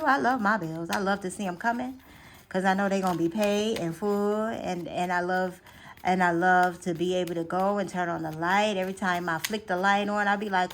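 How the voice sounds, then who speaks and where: A woman running a casual spiritual reading vlog. She is chatty and affirming, thinks aloud with repeated phrases and restarts, and slows into soft affirmations. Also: mid-range voice, slight background noise. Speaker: astrology and tarot reader.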